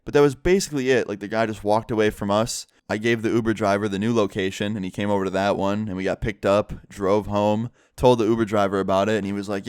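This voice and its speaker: Low-voiced young man telling a story. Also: fairly even intonation, quick pace, few pauses, darkish tone, clean tone, no echo, studio quality. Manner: chatty, filler-heavy retelling. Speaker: vlogger. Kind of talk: casual storytime.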